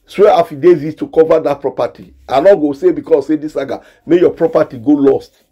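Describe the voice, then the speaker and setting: This husky male voice, pitched on the high side and moving fairly quickly, comes through with the highs cut off. A Nigerian gossip commentator with a Nigerian Pidgin accent, he rants and scolds, speaking directly to those he's criticizing and repeating himself for emphasis.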